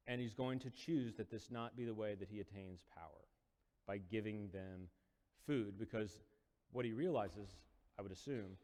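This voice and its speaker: A man's voice: on the low side, darkish tone. A male preacher retelling a Bible story in a casual, storytelling sermon, acting out quotes with rising intensity. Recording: long hall reverb.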